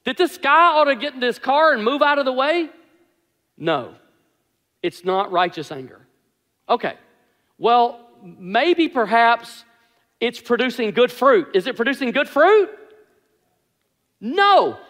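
Pastor, male, high-pitched, chatty sermon storyteller, self-deprecating, in a reverberant hall. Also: sing-song, takes it slowly, pauses often, a bit bright.

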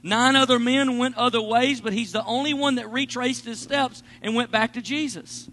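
Brief: high-pitched man preaching, lively, dynamic swings. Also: normal speed. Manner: animated preaching, swings between loud and hushed. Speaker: pastor. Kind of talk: sermon.

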